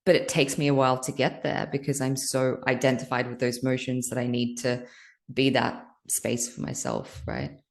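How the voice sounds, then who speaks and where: Woman podcast guest, healer; extremely low voice, confessional, rambling with fillers. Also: normal speed, vocal fry. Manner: loose, filler-heavy, earnest and confessional. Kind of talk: candid spiritual interview talk.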